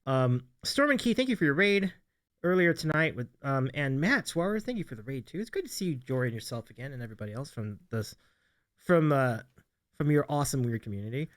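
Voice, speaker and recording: A man's voice: mid-range voice, big pitch swings, brisk. A man hosting a casual livestream chat, reading viewer comments aloud and laughing often. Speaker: host.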